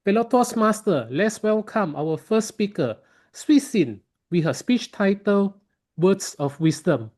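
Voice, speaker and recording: A man chairing an online speaking club meeting, polite and halting, with non-native phrasing, over a video call. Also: high voice, lively intonation, darkish tone.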